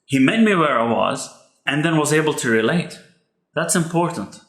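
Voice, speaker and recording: A man's voice: on the high side, animated, normal speed, fairly bright tone. A man, a pastor's son hosting a podcast, giving earnest, heartfelt advice about grief. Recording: echoey room.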